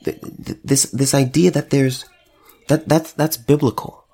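A man's voice: mid-range voice, steady tone, unhurried, warm tone, breathy edge. A man who runs a store, delivering an impassioned monologue to camera, emphatic and repeating phrases for stress. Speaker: store owner.

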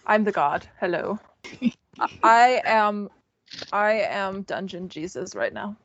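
A woman's voice: mid-range voice, slow, fairly bright tone, lo-fi sound. A woman running a tabletop role-playing game as game master, narrating scenes and joking with her players. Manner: playful, laughs at her own jokes.

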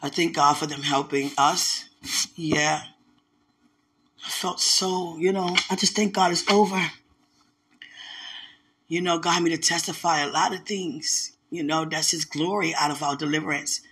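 A woman's voice: deep voice, steady tone, normal speed, fairly bright tone. A woman giving a casual spoken testimony as a church member, telling stories animatedly and turning to the listener with preachy asides.

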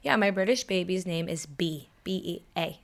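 A woman's voice: lowish voice, expressive, normal speed, vocal fry. A woman in her twenties co-hosting a podcast, talking in a dry, dramatic, joking way with plenty of swearing. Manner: dry, dramatic and profane, slipping into jokes. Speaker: podcast co-host. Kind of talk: casual podcast chat.

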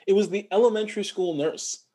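A man from Montreal, an actor and guest in a casual interview, telling stories in an animated way and mimicking other people's voices. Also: sits high, fairly quick. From Montreal, Canada.

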